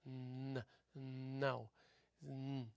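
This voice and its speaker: Slow, gravelly, halting male host. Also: medium pitch, completely flat delivery, no echo. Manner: slow, halting, repeats words, drifts into soft whispers. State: tired, yawning. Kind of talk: rambling philosophical monologue. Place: local cable TV studio.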